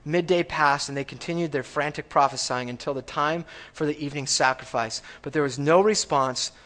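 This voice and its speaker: A man preaching a sermon in a church, talking in a conversational way and checking in with the congregation, going from loud emphatic lines to hushed reading. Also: on the high side, brisk. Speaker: pastor. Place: church sanctuary.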